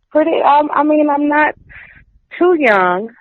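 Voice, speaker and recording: A woman in her forties from Texas, a Reiki practitioner, chatting in an upbeat, energetic way as an interview guest. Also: high voice, dry recording. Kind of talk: casual interview chat. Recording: dry tinny phone line.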